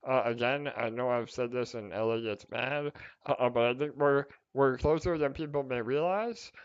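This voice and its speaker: A man chats through community questions on a livestream call, reassuring and loose, with plenty of fillers and false starts. His voice is smooth and full. The call audio is a little muffled and lo-fi. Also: medium pitch, normal speed. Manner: chatty, many fillers and restarts, reassuring. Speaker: project team host answering community questions. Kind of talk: casual livestream Q&A. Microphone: online call microphone with glitchy audio.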